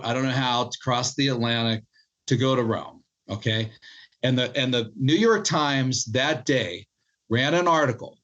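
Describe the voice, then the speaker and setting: A middle-aged man, an author being interviewed, telling a story in animated fashion and acting out quoted lines. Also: medium pitch, rough recording. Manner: animated storyteller, quotes others in their voices. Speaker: author and historian guest.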